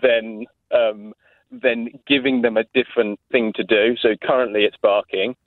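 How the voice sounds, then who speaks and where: A man's voice: mid-range voice, little pitch movement, normal speed, dry recording. Patient male caller over a phone line. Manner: patient, explanatory, with ums. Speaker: caller giving an answer. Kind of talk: phone-in explanation.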